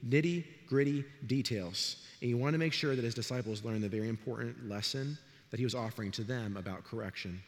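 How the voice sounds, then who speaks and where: In a church sanctuary with a long reverb tail, a middle-aged pastor with a mid-range voice delivers a sermon. His storytelling is animated, and he acts out the characters' voices.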